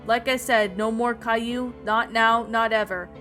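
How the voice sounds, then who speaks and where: A woman's voice: fairly high pitch, steady tone, measured pace, a bit bright, faint music behind. A woman reading the lines of a confident, indignant young man in an amateur story reading. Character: defiant young man, victorious fighter.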